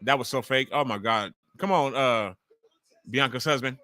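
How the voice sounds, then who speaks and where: Brief: bright, dry-sounding man in his forties, livestream host, excitable and cursing, talks over the action. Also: mid-range voice, normal speed, dry recording. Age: 40s. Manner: loud, profane and excitable, reacting to the action. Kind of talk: live commentary while watching wrestling.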